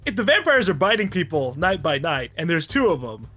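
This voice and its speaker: High, lively man chatting over a game. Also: soft background music. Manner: laughs often, explains strategy in quick bursts. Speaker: game player. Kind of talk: casual gaming chat.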